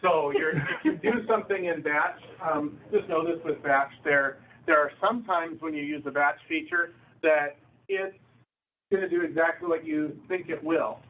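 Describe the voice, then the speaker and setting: A man with a somewhat high voice explains software pitfalls to a user group. He is clear and advisory and gives worked examples. The audio is narrow and tinny, like a phone call. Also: steady tone, normal speed, slight background noise. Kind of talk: explanatory meeting talk.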